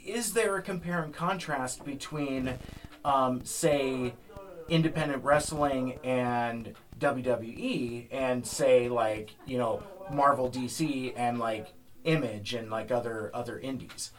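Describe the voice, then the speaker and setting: A man's voice: medium pitch, slow pace. A man hosting an interview, asking questions in a casual, hesitant way with many restarts. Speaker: podcast host.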